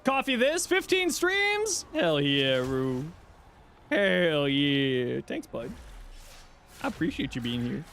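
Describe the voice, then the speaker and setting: A man streaming a video game live, chatting casually and reacting out loud, exclaiming and talking to himself as he plays. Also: medium pitch, slow pace, gravelly, pauses often, a little hiss or hum. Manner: animated, exclaiming and talking to himself while playing. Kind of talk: casual live gameplay commentary.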